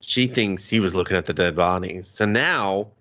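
Sarcastic, low-voiced man swearing freely. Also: normal speed. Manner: sarcastic, profane, animated. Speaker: podcast host. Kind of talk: casual recap chat.

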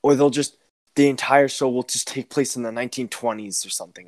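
A young man hosting a podcast, chatting casually and getting excitable, swearing often and shouting when worked up. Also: mid-range voice, a little fast, no room sound. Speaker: podcast host. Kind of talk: casual chat.

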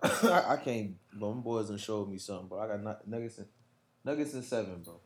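A man's voice: fairly low pitch, brisk. A man chiming in during casual sports talk with short, slangy joking remarks. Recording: roomy echo.

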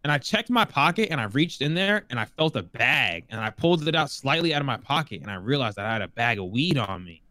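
A man tells a story in a relaxed, casual way. He livens it up by acting out the other people's voices. The sound is dry and close. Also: mid-range voice, fast talker, hardly any pauses, dry recording. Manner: animated, acts out voices in quotes.

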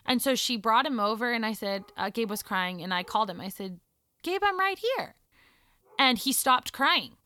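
A woman in her thirties telling a personal story in casual chat, animated, hushing for the tender parts. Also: on the high side, a little fast, hardly any pauses. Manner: animated, drops to a hush for emotional moments.

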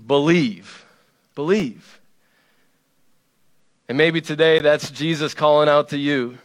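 A man delivers a sermon in a casual, conversational tone, his voice sitting a little on the high side. He leans on repetition to press each point home. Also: steady tone, normal speed. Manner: conversational and playful, with emphatic repetition. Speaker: pastor.

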